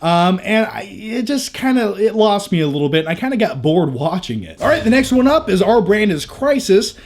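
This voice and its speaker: A young man talks through his movie picks in a casual vlog voice, candid and full of jokes. His voice sits high for a man. He drops in crude asides without slowing down. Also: very animated, darkish tone. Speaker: movie review vlogger. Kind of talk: casual review chat.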